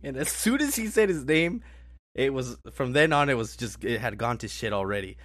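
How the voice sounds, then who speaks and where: A man's voice: mid-range voice, expressive, moderate pace, fairly bright tone, no echo. A man co-hosting a casual podcast, telling a prank story and laughing a lot as he acts out the voices of the people in it. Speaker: podcast co-host. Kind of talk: casual chat.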